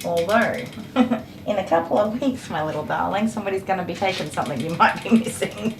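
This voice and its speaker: An Australian woman who works as a dog groomer, chatting casually on a livestream while soothing a restless dog in soft, coaxing tones. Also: mid-range voice, moderate pace. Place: grooming salon. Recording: echoey room with clear background noise.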